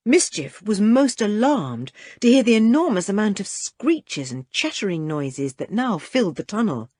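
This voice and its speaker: A woman narrating a children's adventure audiobook with expressive reading. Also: mid-range voice, normal speed, hardly any pauses, slightly rough, no room sound, studio quality. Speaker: audiobook reader. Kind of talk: storybook narration.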